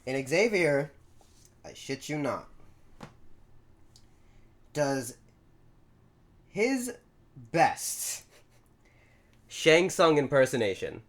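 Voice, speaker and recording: A man of middle pitch co-hosting a casual podcast. He recaps events with animated storytelling and slips into quick acted-out quotes. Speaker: podcast co-host.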